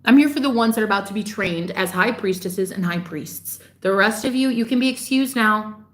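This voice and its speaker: A woman delivering a fiery, preachy monologue straight to her viewers, swearing freely and scolding them, with sharp jumps in pitch on her outbursts. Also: moderate pace. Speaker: spiritual vlogger. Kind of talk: ranting monologue to camera.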